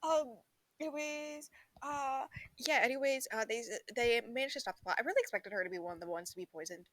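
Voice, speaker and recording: A young woman with a slightly high voice talks through a book she has just finished, rambling with plenty of fillers. She drops into quick acted-out lines and laughs along the way. Her voice is recorded close and dry, with no room echo. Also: a bit bright. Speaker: book vlogger. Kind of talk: casual book review chat.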